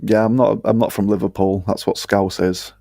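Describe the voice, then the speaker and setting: A man's voice: on the low side, level tone, normal speed, gravelly, warm tone, no room sound, clean studio sound. A man from the north of England with a Northern English accent, a guest ranting bluntly and swearing freely in casual podcast chat.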